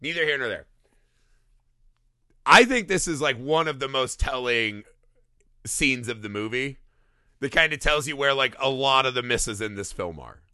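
A man's voice: medium pitch, animated, normal speed, long pauses, sharp tone, dry recording, studio quality. A man co-hosting a casual comedy podcast about a movie, riffing and swearing freely as he mocks the plot. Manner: profane, riffing, does mocking quoted voices. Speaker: podcast co-host.

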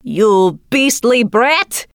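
A greedy, fierce old robber crone with a bearded menace to her, as a woman reader puts her on, drawn out slowly and swooping from low growls up to shrill peaks. The voice sounds strained and unlike the reader's own, recorded dry and close. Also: big pitch swings, no echo. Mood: angry.

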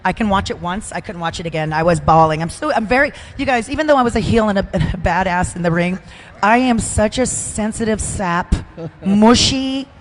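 A woman's voice: medium pitch, a little fast, a little hiss or hum. An older woman chatting as a podcast guest, emotional and self-deprecating, with frequent restarts. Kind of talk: casual chat.

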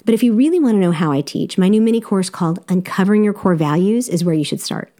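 A woman's voice: mid-range voice, animated, fast, warm tone. A woman with a Southern accent, a life coach hosting a podcast, talking directly and encouragingly to her listeners with easy laughs. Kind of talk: solo podcast coaching talk.

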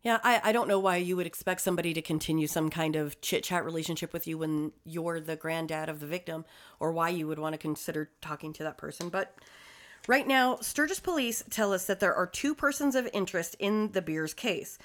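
A woman's voice: fairly low pitch, a little fast. A woman co-hosting a true-crime podcast, reading case details and then riffing with blunt, swearing asides. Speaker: podcast co-host.

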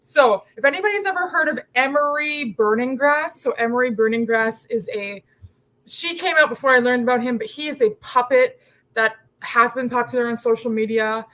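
Woman podcast guest, higher-pitched, chatty and animated, quick bursts. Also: rough recording. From Canada. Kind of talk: casual chat.

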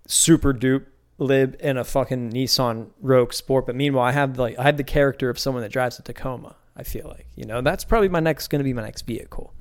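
A young man from Pittsburgh hosting a solo podcast, talking loosely and profanely with lots of restarts. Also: medium pitch. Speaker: podcast host. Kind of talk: casual solo podcast rant.

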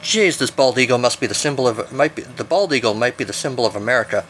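A man's voice: medium pitch, quick pace, a bit bright, slight background noise, close to an everyday voice. A man voicing Spike, a grumpy, stubborn male mountain climber who grumbles and snaps. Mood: irritated. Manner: grumbling, irritable.

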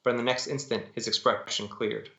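A man, an author, reading his own novel aloud in steady, dramatic first-person narration over a video call. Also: mid-range voice, brisk, gravelly. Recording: dull echoey call audio.

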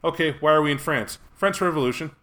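A man's voice: a little high, fast talker, pushed and bright. A man co-hosting a casual podcast as a game master, making emphatic, sarcastic rhetorical points. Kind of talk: casual chat.

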